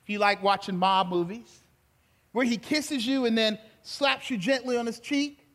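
A male pastor, preaching an animated sermon that swings from soft to loud and grows emotional. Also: very high-pitched, moderate pace. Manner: gets emotional and laughs while speaking.

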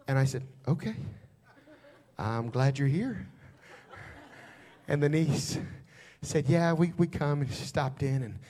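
A male pastor, telling a folksy story in a sermon and building to loud, shouted preaching. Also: on the high side, expressive, takes it slowly, long pauses.

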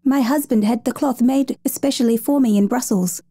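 A woman voicing a grieving Viennese woman refugee who speaks softly and earnestly in a storybook reading. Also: a little high, moderate pace, no echo, voice pushed up, natural voice. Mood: astonished.

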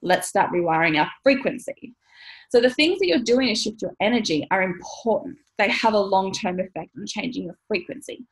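A money mindset coach in her thirties talks casually to camera, chatty, laughing often and swearing now and then. Her mid-range voice is expressive and a little fast, with hardly any pauses, on a rough recording.

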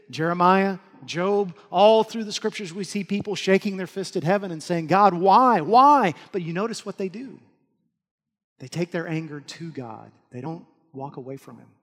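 High-voiced pastor preaching in a hall. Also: male voice. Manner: earnest, swings between loud urging and soft hushed lines. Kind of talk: sermon. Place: church hall. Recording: long hall reverb.

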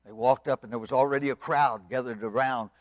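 A man preaching at a revival, telling the story dramatically and swinging from loud to hushed. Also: mid-range voice, fairly even intonation, fairly quick, dry recording. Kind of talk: sermon.

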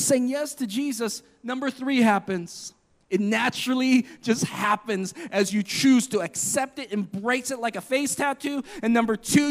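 A man preaching a sermon as pastor, emphatic and impassioned, a parent of children. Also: very high-pitched. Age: adult with children.

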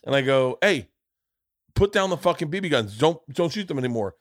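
Profane storytelling podcast host, dry sound. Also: male voice, a little high, fairly quick, no room sound. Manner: profane, animated storyteller who acts out voices. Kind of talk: casual storytelling chat.

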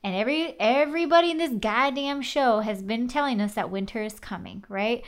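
Woman, slightly high voice, casual chat, animated, swears freely. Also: brisk. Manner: animated, swearing, many fillers.

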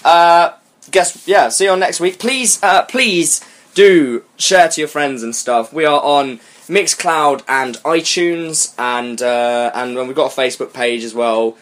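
A man's voice: fairly high pitch, takes it slowly, a bit bright. A young man co-hosting a podcast, reading fan fiction aloud with sarcastic, laughing, swearing asides. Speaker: podcast co-host.

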